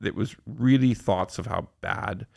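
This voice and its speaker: A man's voice: lowish voice, unhurried, vocal fry, a little mellow. A man hosting a casual podcast chat, swearing freely, laughing often and restarting his sentences with repeated words. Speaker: podcast host.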